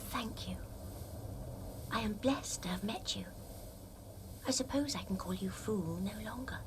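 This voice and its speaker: A woman voicing a solemn, grateful fire witch in game dialogue, speaking in a faint whisper. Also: fairly high pitch. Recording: noisy game audio, distant.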